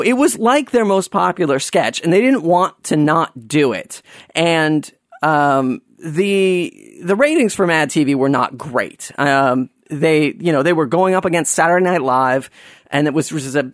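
Casual American male storyteller, slightly high voice, dry close sound, self-mocking. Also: no room sound. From United States. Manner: chatty and self-deprecating, with frequent restarts and comic put-on voices.

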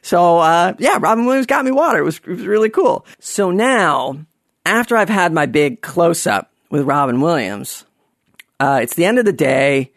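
A man telling a funny personal story in an animated, sarcastic way, dropping to mumbled asides and jumping up for mocking voices. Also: a little high, normal speed, no echo, clean studio sound. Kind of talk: comedic personal anecdote.

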